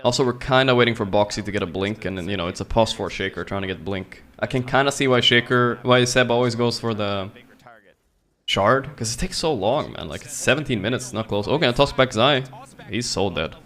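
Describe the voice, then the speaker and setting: A male streamer talks casually at a middle pitch, loose and joking, cursing now and then. He flips between banter and quick game commentary. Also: a bit bright. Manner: loose, joking, swears freely.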